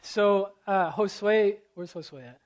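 A man in his thirties who prays and then opens a sermon, earnest and halting, with many fillers and a self-deprecating humor. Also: sits high. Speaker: preacher. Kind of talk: prayer and sermon opening.

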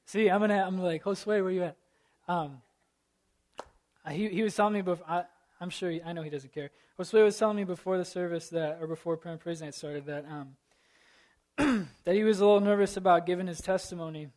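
A man in his thirties who prays and then opens a sermon, earnest and halting, with many fillers and a self-deprecating humor. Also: high-pitched, darkish tone. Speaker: preacher. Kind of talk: prayer and sermon opening.

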